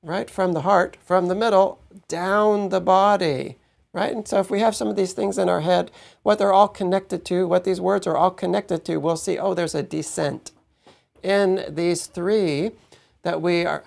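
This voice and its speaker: Slow, gravelly-voiced man teaching scripture. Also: sits high, steady tone. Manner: explanatory, measured, asks "right?" to listeners. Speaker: teacher of a Messianic congregation. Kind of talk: Bible teaching.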